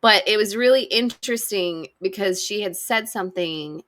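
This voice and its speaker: A woman co-hosting a casual podcast chat, who laughs often in quick, high giggles. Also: fairly bright tone. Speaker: podcast co-host.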